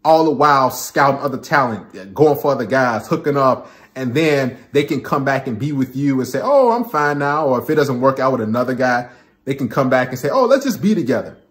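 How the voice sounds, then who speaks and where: A man talking straight to camera about relationships, acting out what people say in a higher voice. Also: fairly quick. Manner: animated, acts out quoted speech in a raised voice. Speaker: relationship advice commentator. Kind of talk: talking-head commentary.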